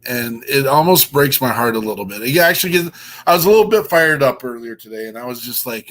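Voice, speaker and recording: A man's voice: mid-range voice, animated, fast, fairly bright tone. A man hosting a casual show, enthusiastic and rambling, with many ums and uhs. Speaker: podcast host.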